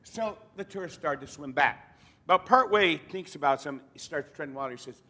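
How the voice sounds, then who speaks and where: A man's voice: fairly high pitch, lively intonation, fairly quick, pushed and bright. Folksy man telling fish jokes live. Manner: folksy, joking. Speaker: storyteller and singer. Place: retirement center.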